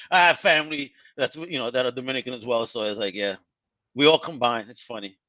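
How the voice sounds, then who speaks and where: Upbeat, bright-voiced male podcast host. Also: mid-range voice, brisk, muffled recording. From Puerto Rico. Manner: laughs often, enthusiastic interjections. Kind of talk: casual interview chat.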